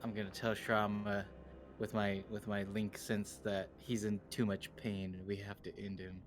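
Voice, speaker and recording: A man playing a tabletop game, swearing often and asking quick questions. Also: lowish voice, flat delivery, soft background music. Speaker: player. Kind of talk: casual tabletop play.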